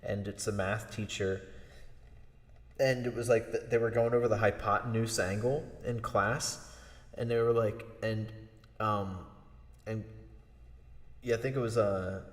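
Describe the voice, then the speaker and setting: A man's voice: on the low side, fairly even intonation. A man hosting a casual livestream from home, rambling and chuckling as he thanks viewers. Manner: rambling, chuckling, quick asides. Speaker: livestream host and musician. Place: home room. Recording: roomy reverb, guitar music.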